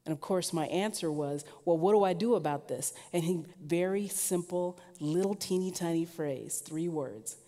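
Woman preacher, lower-pitched voice, animated sermon delivery, long hall reverb. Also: normal speed, few pauses. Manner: lively storytelling, rising in pitch and force when emphatic.

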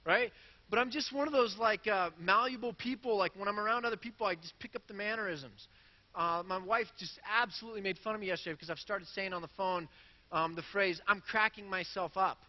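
A man's voice: high voice, fairly quick, long reverb tail, muffled recording. A man preaching a sermon in a church, earnest and self-deprecating as he works through quoted scripture. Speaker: pastor.

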